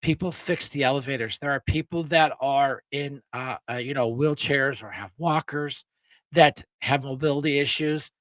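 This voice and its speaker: A man's voice: mid-range voice, normal speed, a bit bright, dry recording. A man hosting a casual live-stream chat, rambling and laughing with many restarts, his throat a little sore. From Pennsylvania. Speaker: show host.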